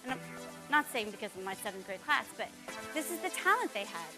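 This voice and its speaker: A woman, a former teacher, giving a storytelling keynote talk in an animated way, acting out the dialogue she quotes. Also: fairly high pitch, brisk, music in the background.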